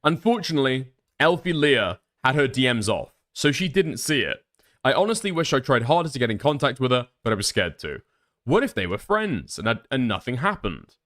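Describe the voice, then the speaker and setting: A man riffing through a reaction stream with biting sarcasm and plenty of swearing. His pitch sits mid-range but bounces around with a lot of expression. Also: sing-song, normal speed, fairly bright tone. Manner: sarcastic, profane, musing aloud. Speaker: stream commentator. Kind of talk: reaction commentary.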